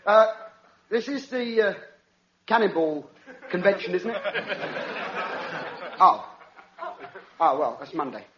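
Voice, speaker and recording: An actor playing a brash club comedian who badgers the crowd, repeating himself in a stand-up routine. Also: male voice, sits high, very animated, slow, long pauses, heavily acted. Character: brash pushy club comedian, man, middle-aged. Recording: echoey, muffled, audience laughter.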